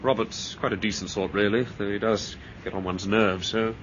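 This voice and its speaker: An actor playing a bitter, touchy English ex-soldier with an edgy, resentful manner, in an old radio drama. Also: male voice, on the low side, steady tone, a bit bright, a little hiss or hum, lightly acted. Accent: upper-class English. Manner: edgy, resentful, quick to flare up. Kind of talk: 1930s-style radio drama acting. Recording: dull old radio recording.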